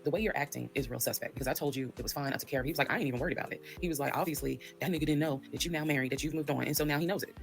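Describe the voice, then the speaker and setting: A woman's voice: low voice, very fast, creaky, hardly any pauses, soft background music. A woman telling her own story in a candid, profane way, acting out the dialogue she quotes. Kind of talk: storytime monologue.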